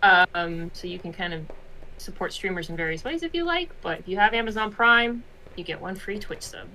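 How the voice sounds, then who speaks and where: A chatty woman co-hosting a livestream and reading out viewer messages. Her voice is bright and clear at an ordinary pitch. Faint noise sits underneath. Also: very animated, brisk, low-quality recording. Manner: chatty, upbeat announcements. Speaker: stream co-host reading chat. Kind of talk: casual livestream chat.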